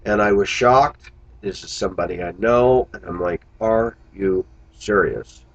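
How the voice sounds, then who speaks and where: A man's voice: fairly low pitch, moderate pace, fairly bright tone, highs cut off. A man talking to his viewers in a casual vlog monologue, musing aloud and breaking into exclamations. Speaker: vlogger.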